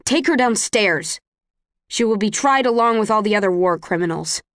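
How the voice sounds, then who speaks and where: A woman's voice: mid-range voice, lively intonation, normal speed, a bit bright, no room sound, clean studio sound, lightly acted. A woman reading the curt orders of a stern female leader in an audiobook. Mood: commanding.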